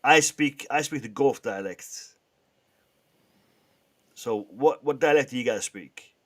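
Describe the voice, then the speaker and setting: A man hosting a casual live stream, bantering with the chat in a lively way and often restarting his sentences. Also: medium pitch, takes it slowly. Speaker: livestream host.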